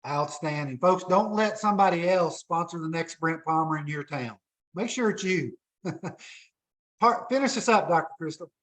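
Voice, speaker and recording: High-voiced upbeat male host. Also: normal speed, a bit bright. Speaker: call host. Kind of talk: hosting a training call.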